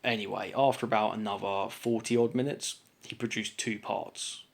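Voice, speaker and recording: A man's voice: lowish voice, steady tone, normal speed, vocal fry. A man telling a long, exasperated story to camera in a rambling, casual way, full of fillers. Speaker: vlogger telling a grievance story.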